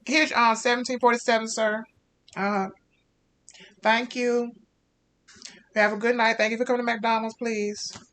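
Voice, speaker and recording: A man voicing a hurried young female fast-food drive-thru worker with rushed, scripted service patter. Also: on the high side, flat delivery, fairly bright tone, pitched above the performer's own voice. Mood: weary.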